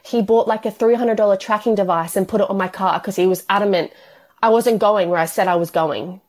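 A woman's voice: medium pitch, fairly quick, darkish tone. A woman, telling her story as an interview guest in long, tumbling run-on sentences full of "like". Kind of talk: emotional personal interview.

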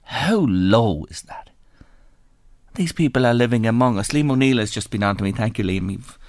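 A man's voice: mid-range voice, expressive, moderate pace, no room sound. An Irish man hosting a radio phone-in show, earnest and sympathetic, reading listener messages aloud into a studio microphone. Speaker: radio talk show host.

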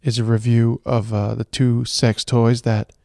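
A man's voice: mid-range voice, flat delivery, measured pace, creaky, mellow, no room sound. Chatty Irish man, dry close sound. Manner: chatty, restarts phrases often. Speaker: podcast co-host. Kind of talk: casual chat. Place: moving car. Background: traffic and train noise.

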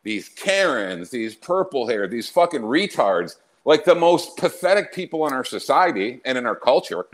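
A man's voice: medium pitch, sing-song, moderate pace, few pauses. A man hosting a podcast, ranting in a brash, mocking way and laughing often in casual, profane chat. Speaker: podcast host.

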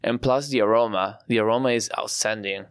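A young Italian man with an Italian accent, explaining his family's winemaking with pride and frequent pauses. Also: on the low side, fairly even intonation, smooth, dry recording, studio quality. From Italy. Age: young adult. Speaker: winemaker guest. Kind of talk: podcast interview.

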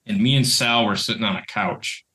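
Bright-voiced man telling a story. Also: lowish voice, brisk. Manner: rambling anecdote with restarts and laughter. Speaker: podcast co-host and creator. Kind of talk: casual storytelling chat.

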